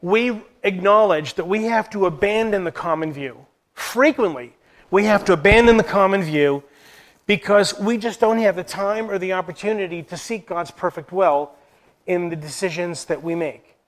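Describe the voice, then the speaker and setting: A man's voice: sits high, normal speed. A man giving an earnest Bible teaching to church leaders, posing rhetorical questions as he goes. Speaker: Christian teacher.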